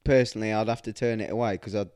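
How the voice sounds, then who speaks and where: A man's voice: on the low side, steady tone, a little mellow, smooth, no echo, clean studio sound. A man co-hosting a casual podcast as a tattoo artist, often laughing and teasing his partner. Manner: teasing, quick to laugh and interject. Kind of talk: casual chat.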